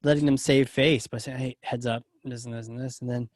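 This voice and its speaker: A man's voice: mid-range voice, steady tone, a little fast, a little mellow, no room sound, studio quality. A man hosting a webinar, joking with his guest and running a poll for the audience. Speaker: webinar host.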